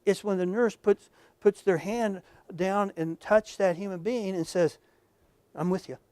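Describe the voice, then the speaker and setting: A man lectures to a live audience in a room, talking plainly and earnestly. He tells personal stories and swings from near-whispers to loud punchlines, in a voice a little higher than most men's. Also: measured pace, smooth, no room sound. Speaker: lecturer at professional workshop. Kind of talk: conversational lecture.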